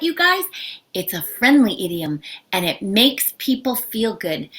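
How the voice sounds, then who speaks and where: A middle-aged woman from Canada teaching a live English lesson, acting out short dialogues in playful voices. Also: fairly high pitch. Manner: animated, acts out little dialogues with playful voices. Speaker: ESL instructor.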